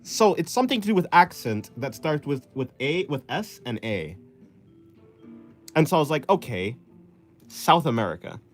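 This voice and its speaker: A man's voice: on the high side, sing-song, moderate pace, long pauses. A young man streaming his drawing, casually chatting and reading viewer comments, rambling and joking at himself with frequent laughs. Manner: rambling, self-deprecating, laughs often. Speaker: artist streaming while drawing. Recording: faint music in the background.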